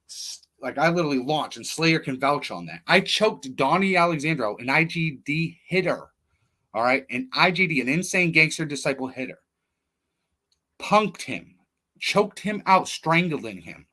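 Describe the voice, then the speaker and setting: This man hosts a livestream and tells personal stories in a loose, rambling monologue that is blunt and profane. His voice is medium in pitch, bright, and forceful.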